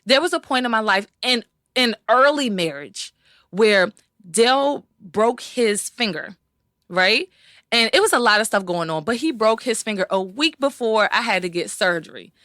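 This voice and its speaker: A young woman co-hosting a podcast, telling stories in a casual, animated way and acting out the people she quotes. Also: fairly high pitch, moderate pace, no echo, studio quality. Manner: animated storytelling, acts out quoted voices. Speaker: podcast co-host. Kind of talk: casual conversation.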